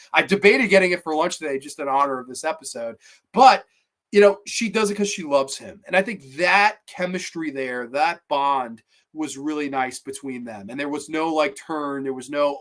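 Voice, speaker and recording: A man hosting a casual review show, talking in a chatty, animated way and acting out quotes. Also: a little high. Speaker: host.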